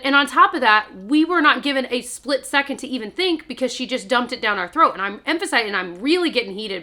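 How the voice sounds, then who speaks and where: A young adult woman vlogger, chatting through an animated, emphatic story while doing her makeup at home. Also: a little high.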